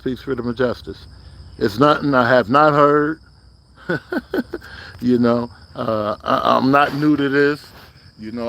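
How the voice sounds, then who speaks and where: Man, livestream host, middle-pitched voice, rambling casual talk with chanted refrains, faint crickets behind. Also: creaky, a little hiss or hum. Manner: loose, rambling street talk that turns into a repeated chant.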